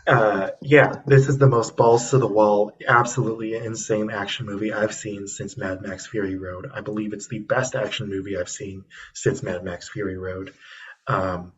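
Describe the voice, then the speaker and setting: A fairly low-voiced man chatting on a podcast, rambling through his thoughts with plenty of ums, eager and enthusiastic. He sounds set back from the microphone. The recording is dull and lo-fi, with a faint hiss behind him. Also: fairly even intonation, normal speed. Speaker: podcast co-host reviewing films. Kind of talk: casual chat. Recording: distant, dull lo-fi mic with faint noise.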